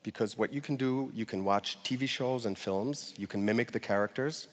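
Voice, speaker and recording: A man's voice: medium pitch, moderate pace, long reverb tail. A man giving a conversational talk to an audience, with fillers and light laughter. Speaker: speaker giving a talk on language learning.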